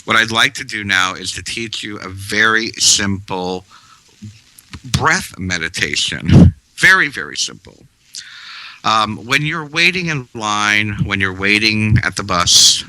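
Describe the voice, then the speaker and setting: A man with a very low voice delivers a slow, meditative spiritual talk, guiding breath by breath with long pauses. His tone is notably bright and forward. The sound is dry and close, with no room around it. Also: no room sound, low-quality recording. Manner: calm, measured, guiding with pauses. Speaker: spiritual teacher.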